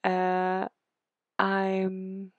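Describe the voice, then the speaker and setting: Her mid-range voice stays monotone and extremely slow as this young woman from Sweden, accent clear, talks over a game build. She's a video creator who rambles sarcastically and puts herself down, and the dry recording sounds dull and lo-fi.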